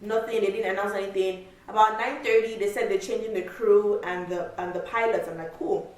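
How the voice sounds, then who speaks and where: A woman vlogger telling a travel story in a casual, animated way, with lots of repeats and filler words. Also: medium pitch, fairly quick. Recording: echoey room, mic far off.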